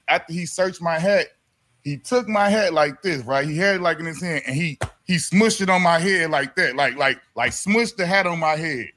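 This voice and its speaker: A man, a former pro basketball player, telling a story as a podcast guest, animated and slangy and laughing as he goes. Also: a little high. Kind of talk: casual storytelling in a conversation.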